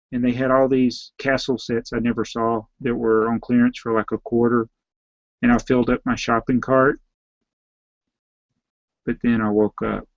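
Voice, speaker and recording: A man with a Southern US accent, a slightly hoarse YouTube host who reads out viewer names and questions and answers them in a rambling, offhand way. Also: mid-range voice, dry recording, lo-fi sound. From Southern United States. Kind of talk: casual live Q&A.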